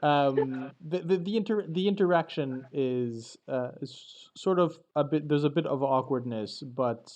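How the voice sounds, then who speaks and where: A man narrating as game master, halting and restarting as he describes the scene. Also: on the high side, darkish tone, lo-fi sound. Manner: halting, full of fillers and restarts.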